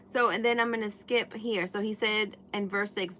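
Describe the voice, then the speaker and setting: A woman's voice: mid-range voice, steady tone, normal speed, a bit bright, slight background noise. A woman hosting a craft livestream, chatting with viewers while she works with paper and glue at her table. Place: indoors at a craft table under bright lights.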